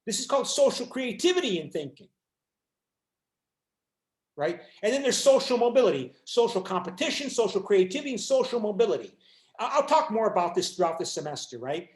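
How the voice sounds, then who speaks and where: Animated high-voiced male lecturer, roomy echo. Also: fairly quick. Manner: animated, acts out quoted voices, many restarts and fillers. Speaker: university lecturer. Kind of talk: university lecture.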